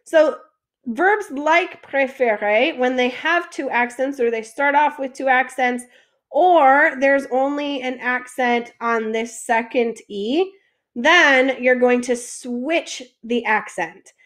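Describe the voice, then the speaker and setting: Woman French teacher, high voice, unhurried, patient, talks through each step. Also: a bit bright. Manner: patient, asks questions then answers them. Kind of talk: classroom lesson explanation.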